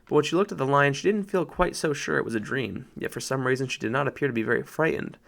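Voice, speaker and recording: A man narrating a children's novel in a measured storytelling read. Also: medium pitch, gravelly, fairly bright tone. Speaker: audiobook reader. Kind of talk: audiobook narration.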